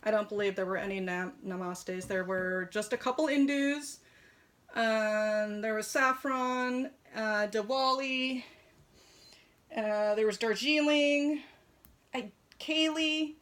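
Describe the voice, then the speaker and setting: A woman's voice: on the high side, slow, fairly bright tone. A woman chatting casually from her kitchen as she reviews a collectible model horse, gushing, with lots of fillers. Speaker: toy shop owner reviewing a model horse. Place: home kitchen.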